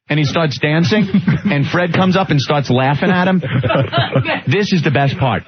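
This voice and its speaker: A man co-hosting a radio show, telling stories in an animated way and laughing often. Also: a little high, normal speed, a little hiss or hum. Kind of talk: casual radio banter. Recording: dull lo-fi radio broadcast.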